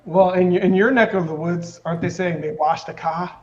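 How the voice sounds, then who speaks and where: A man's voice: high voice, a little fast, crowd noise. A man hosting a casual chat, curious and stumbling over restarts. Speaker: host. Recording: dull lo-fi audio.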